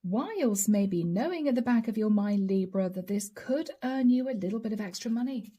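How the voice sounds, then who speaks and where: A woman's voice: medium pitch, animated, normal speed, warm tone, slightly rough. A woman giving a chatty, laughing tarot reading with relatable asides. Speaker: tarot reader. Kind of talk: channeled tarot reading to camera.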